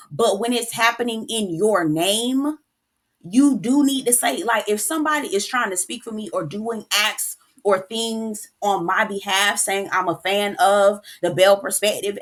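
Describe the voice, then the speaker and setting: Woman, sassy recap host, casual rant, profane, calls everyone girl. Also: mid-range voice. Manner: animated, sassy, calls listener "girl" and "child".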